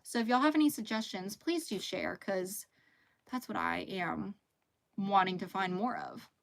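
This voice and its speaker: Her voice mid-range and her pace normal, a woman in her thirties casually chats while hosting a live crochet stream. It's a relaxed session where she reads chat messages aloud and laughs frequently.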